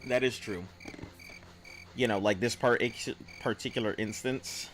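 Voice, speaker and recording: A man's voice: mid-range voice, fairly even intonation, measured pace, a bit bright, a little hiss or hum. A man streaming a game, chatting casually with viewers in a rambling, offhand way full of fillers. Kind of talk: casual live-stream chat.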